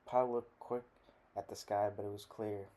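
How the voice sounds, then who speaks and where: A man narrating a literary short story as an audiobook, with a low, steady, even delivery. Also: moderate pace.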